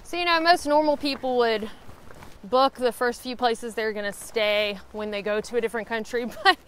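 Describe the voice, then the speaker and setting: A woman's voice: a little high, normal speed, slight background noise. A woman from Alabama with a Southern accent, chatting in a casual vlog while hiking a rural trail. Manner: chatty, upbeat. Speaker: vlogger.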